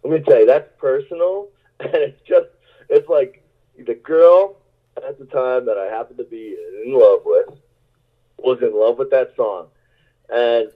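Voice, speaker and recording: A male musician telling rambling, self-mocking stories in a casual interview, laughing often, over a tinny phone-like line. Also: medium pitch. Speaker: musician guest.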